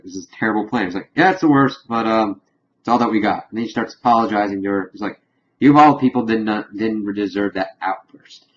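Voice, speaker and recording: A man's voice: fairly low pitch, dull audio. A man giving a casual spoiler recap review of a TV episode, loosely retelling scenes with "he's like" quotes and fillers. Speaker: TV show reviewer.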